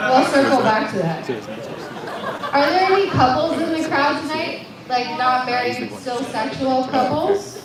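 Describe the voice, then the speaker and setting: A woman doing stand-up at an open mic, chatty and self-mocking, quizzing the audience. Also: high-pitched. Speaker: stand-up comic. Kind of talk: stand-up with crowd work. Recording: echoey club from far off, with a loud crowd.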